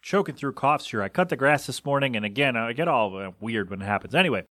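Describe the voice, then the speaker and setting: A man's voice: mid-range voice, lively intonation, quick pace, a bit bright, dry recording, studio quality. Exasperated man hosting a solo podcast. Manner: exasperated, incredulous rambling. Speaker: podcast host. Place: small windowless room. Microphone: home podcast mixer setup.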